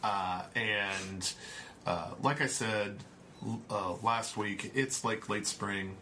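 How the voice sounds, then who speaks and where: A man running a tabletop game as game master, narrating in a relaxed, rambling way full of fillers. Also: on the low side, slow pace, a little hiss or hum.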